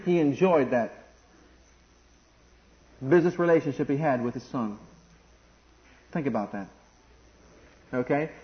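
A middle-aged man preaching a sermon, animated and acting out voices in a bargaining tone. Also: medium pitch, measured pace, long pauses. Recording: dull lo-fi sound.

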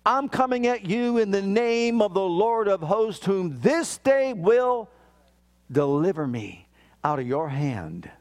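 High-voiced man preaching a sermon. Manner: emphatic preaching, reads scripture aloud, tells family anecdotes. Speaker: pastor.

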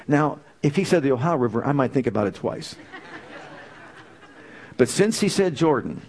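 A man's voice: mid-range voice, big pitch swings, normal speed, a little mellow, a faint crowd. A man preaching a sermon, emphatic and full of rhetorical questions.

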